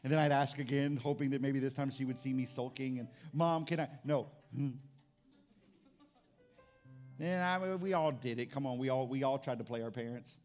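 A middle-aged man preaching in a loose, conversational way, stumbling and restarting as he goes. His voice sits at an ordinary pitch for a man, with faint music playing softly under his words. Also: fast talker, hardly any pauses. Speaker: pastor. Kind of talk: sermon.

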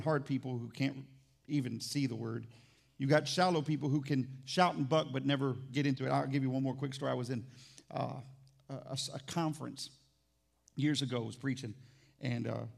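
A man, a pastor, preaching a sermon in church, animated and conversational, teasing the congregation and swinging between quiet asides and loud emphatic lines. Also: mid-range voice, creaky.

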